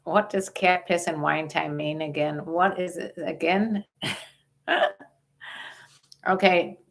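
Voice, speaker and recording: A woman's voice: on the low side, fairly even intonation, takes it slowly, gravelly. An older woman hosting a casual livestream chat, joking bawdily and reading out viewer questions. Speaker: livestream host.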